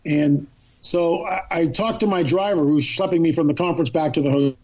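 A woman guest tells a winding personal story in a casual, animated way, slipping into the voices of the people she talks about. Her audio comes through a dull, lo-fi remote line. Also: low-pitched, brisk, slightly rough. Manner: animated, acts out both sides of a remembered phone call. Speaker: podcast guest.

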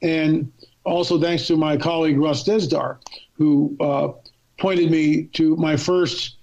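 A woman guest telling a long personal story in a casual, animated way, acting out what other people said to her. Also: sits low, slow. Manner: animated, acts out both sides of a remembered phone call. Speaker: podcast guest.

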